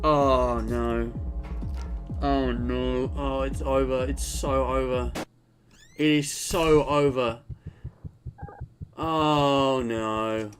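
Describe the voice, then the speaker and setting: A man's voice: medium pitch, extremely slow, pauses often, over music. A man streaming live and commentating on his gameplay, exclaiming and groaning as things go wrong. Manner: animated, swears and groans at the game.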